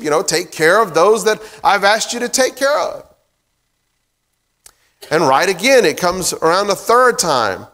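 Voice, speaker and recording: A man's voice: high-pitched, expressive, moderate pace, fairly bright tone. A man preaching a sermon in a casual, conversational way, with many fillers and restarts. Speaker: pastor. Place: church sanctuary. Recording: long reverb of a church hall.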